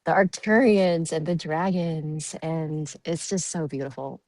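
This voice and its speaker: A woman's voice: low-pitched, a little slow, darkish tone, no echo. A woman guest chatting on a podcast, giggly and dreamy, with many fillers. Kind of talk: casual podcast chat.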